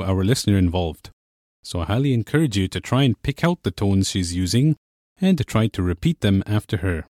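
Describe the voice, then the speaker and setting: A young man hosting a language course, explaining in a clear, measured teacher's manner. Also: lowish voice, darkish tone, dry recording, clean studio sound. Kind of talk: scripted lesson narration.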